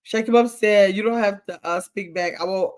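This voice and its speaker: This older livestream host, medium-pitched and speaking at normal speed, keeps things chatty and playful as she reads the incoming comments to her audience in a casual chat.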